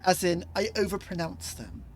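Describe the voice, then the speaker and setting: A woman's voice: fairly low pitch, expressive, normal speed, soft background music, rough recording. A woman from Bristol with a Bristolian accent, streaming a game with playful, self-mocking casual chat. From England. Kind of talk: casual gaming commentary.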